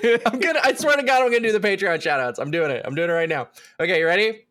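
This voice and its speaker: A man's voice: high-pitched, a bit bright. A man co-hosting a podcast, chatting playfully and riffing on the others' jokes. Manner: playful, quick to laugh along. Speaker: podcast co-host. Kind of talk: casual podcast chat.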